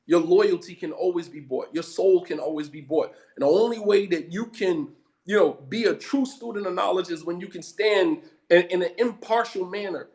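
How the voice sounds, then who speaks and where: Fired-up preacher guy, high voice, keeps repeating himself to hit the point. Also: fairly bright tone. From United States. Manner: heated, emphatic, repeats for emphasis. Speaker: Muslim preacher. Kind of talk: impassioned lecture.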